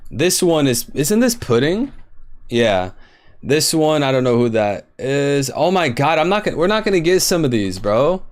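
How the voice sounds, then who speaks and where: A man's voice: on the high side, sing-song, normal speed. A young man live-streaming, guessing quiz answers aloud, swearing in frustration and talking to his chat while typing.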